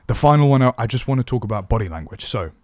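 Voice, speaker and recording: A man's voice: mid-range voice, lively intonation, racing, no room sound, clean studio sound. A man teaching voice acting for tabletop games, chatty and self-deprecating. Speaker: dungeon master teaching voice acting. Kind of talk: casual tutorial.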